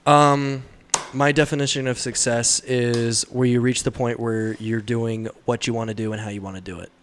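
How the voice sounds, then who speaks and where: A young man chatting loosely on a podcast, mid-pitched and easygoing. He jokes around and slips into a louder voice when he quotes a comedian. His talk runs relaxed and unscripted. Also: moderate pace, slight background noise. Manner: laughing, loose, acts out comedians' lines in a raised voice. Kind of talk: casual chat.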